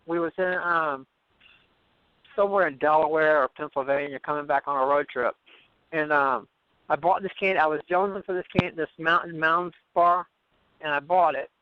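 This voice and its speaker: A man's voice: on the high side, normal speed, smooth, no room sound. A man calling in to a radio show, telling a personal story in a rambling way that repeats words. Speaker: caller. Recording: dull muffled phone audio.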